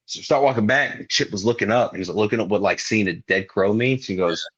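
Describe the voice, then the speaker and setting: Fast and husky, a fairly low-pitched male voice comes through a muffled recording. It belongs to a young wrestler guesting on a podcast, who tells casual stories in an animated, slangy way and acts out quotes.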